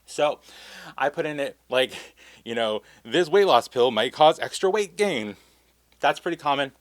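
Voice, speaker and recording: A campy young man telling a casual storytime vlog, animated and full of asides and laughs. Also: medium pitch, unhurried, dry recording. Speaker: vlogger.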